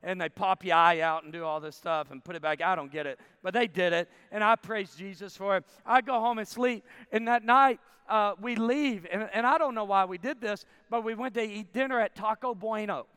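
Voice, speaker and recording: A man in his forties from Arkansas preaching a sermon, telling a story with animated bursts of shouting and then dropping to a quiet, intense tone. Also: high voice, normal speed, hardly any pauses, clear, resonant tone. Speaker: camp preacher. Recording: long hall reverb.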